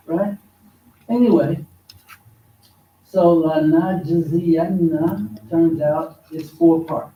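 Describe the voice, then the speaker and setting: Slow, dark-voiced man teaching in an echoey hall. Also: a little high, fairly even intonation. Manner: slow, conversational, repeats words for emphasis. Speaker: teacher at a mosque study class. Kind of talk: informal religious study lesson. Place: mosque hall. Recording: echoey hall, distant mic, faint noise.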